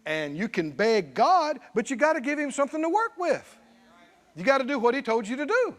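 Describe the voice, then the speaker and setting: A man preaching a sermon, emphatic, at times shouting and at times dropping low. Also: very animated, a little fast. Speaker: pastor.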